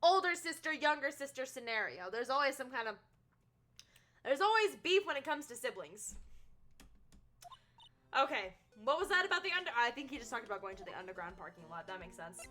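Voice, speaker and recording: A young woman streamer reacting to a game in an excitable, chatty way. Her voice is high and bright, and faint game music plays under her talk. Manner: excitable, chatty, quick to laugh. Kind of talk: casual gameplay commentary.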